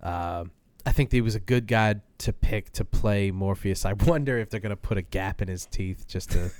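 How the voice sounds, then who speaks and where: A man's voice: lowish voice, moderate pace, a little mellow, no echo. A man co-hosting a podcast, chatting casually and thinking aloud with fillers. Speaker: podcast co-host. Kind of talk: casual chat.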